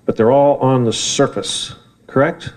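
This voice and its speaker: A man's voice: mid-range voice, steady tone, measured pace, a little mellow, rough recording. Man, live talk to audience, rambling, heated, swearing. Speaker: speaker at a live event. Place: event room with an audience.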